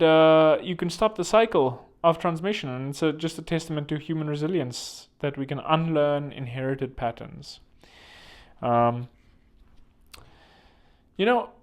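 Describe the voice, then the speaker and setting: A man hosting a comedic self-help monologue, rambling and joking crudely at his own expense. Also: fairly high pitch. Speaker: host.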